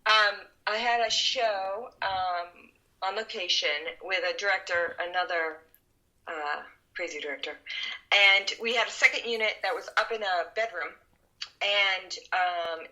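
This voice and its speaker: A middle-aged woman tells stories from years in film production, lively and quick to act out the people she quotes. Her voice is bright and forceful, pitched in a middle range. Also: muffled recording. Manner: animated, acts out quotes. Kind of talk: storytelling interview.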